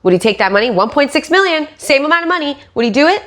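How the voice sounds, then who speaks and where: A woman's voice: high voice, very animated, fast, a bit bright. A woman podcast host and stand-up comic giving sarcastic, profane commentary.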